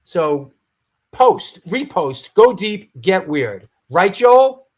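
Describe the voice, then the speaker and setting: Brief: high-voiced male livestream host, loose hyped announcer, stumbles and restarts. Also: big pitch swings, extremely slow. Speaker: show host. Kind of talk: livestream talk show chat.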